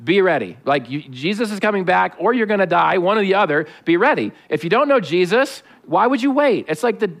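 A middle-aged male pastor giving a lively, joking sermon to his congregation. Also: high voice, a little fast, vocal fry, hardly any pauses. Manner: animated, joking, preaching to a live congregation.

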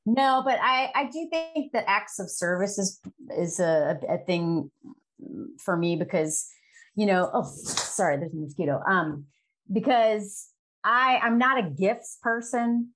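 Woman in her forties, candid guest, salty and laughing, average pitch. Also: animated, a little slow, fairly bright tone. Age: 40s. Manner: frank, laughs often, swears casually. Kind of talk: candid conversational interview.

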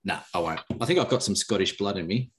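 A man in his thirties co-hosting a casual live chat over a video call, quick and jokey. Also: deep voice, lively intonation, slight background noise. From Australia. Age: 30s. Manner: quick, jokey, laughs easily. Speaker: podcast co-host.

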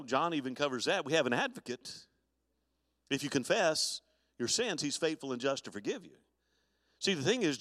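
A man's voice: a little high, a bit bright, dry recording, studio quality, long reverb tail. A man preaching a live sermon as pastor, folksy, with stammered restarts and chuckles. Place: church sanctuary.

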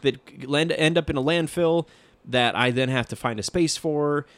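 A man's voice: fairly high pitch, normal speed, dry recording. A man co-hosting a podcast in person, chatting casually in a blunt, grumpy, self-mocking way and swearing now and then. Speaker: podcast co-host. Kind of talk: casual chat. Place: studio, in person.

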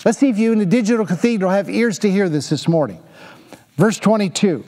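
A man's voice: sits high, brisk, a little mellow. A man preaching a sermon, pressing the listeners with repeated rhetorical questions and emphatic, repetitive phrasing. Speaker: pastor. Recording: long hall reverb.

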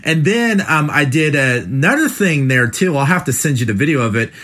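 A man's voice: on the high side, expressive, moderate pace, fairly bright tone. A man in his forties hosting an interview, easygoing and casual with frequent fillers. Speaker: podcast host.

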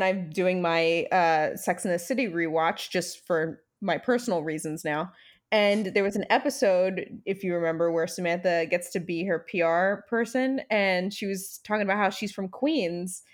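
A woman's voice: lowish voice, measured pace. A woman co-hosting a podcast in casual chat, blunt and sarcastic, swearing freely. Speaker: podcast co-host.

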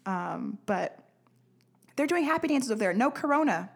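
A woman's voice: a little high, big pitch swings, normal speed, creaky, breathy edge. A young woman from the United States hosting a casual solo podcast, ranting sarcastically, swearing freely and laughing often. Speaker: podcast host. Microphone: studio podcast mic.

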